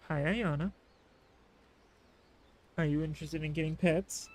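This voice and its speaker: A man's voice: on the high side, steady tone, a little slow, pauses often, a little mellow. A man streaming a game, chatting casually and joking at his own expense while he reads dialogue aloud. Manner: self-deprecating, swears casually.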